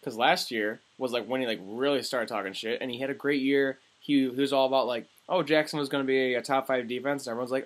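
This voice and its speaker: A young man in his early twenties co-hosts a casual sports podcast. He talks loosely, swears freely, and pads his sentences with hesitant fillers. His pitch sits in an ordinary middle range. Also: steady tone, fast talker, hardly any pauses. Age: early 20s. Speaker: podcast co-host.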